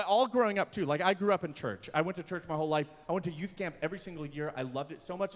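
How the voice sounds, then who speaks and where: A young man doing stand-up comedy at a live event, telling self-deprecating stories with sudden shouts. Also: sits high. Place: large hall, live event. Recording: long hall reverb from a live venue.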